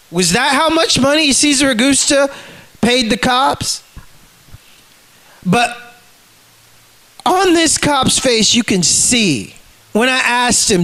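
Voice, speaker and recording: A man's voice: very high voice, lively intonation, slow pace, pauses often, pushed and bright. A man ranting to camera in a vlog, agitated and profane, often repeating himself. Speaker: vlogger.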